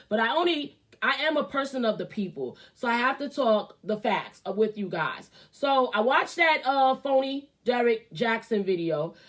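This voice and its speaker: High-voiced woman host going off, cussing a lot, super blunt. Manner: profane, blunt, heated. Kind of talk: ranting commentary.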